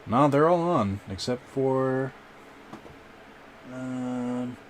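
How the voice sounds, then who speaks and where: A man's voice: mid-range voice, lively intonation, very slow, a little hiss or hum. A man streaming a game and chatting with viewers in a rambling, casual way, full of fillers and restarts. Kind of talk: casual live-stream chat while gaming.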